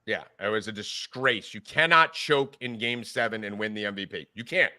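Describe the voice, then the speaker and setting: A man hosting a sports podcast, ranting loudly and emphatically with lots of swearing in a heated argument. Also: on the low side, normal speed, no echo, studio quality. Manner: loud, profane, emphatic ranting. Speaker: podcast host.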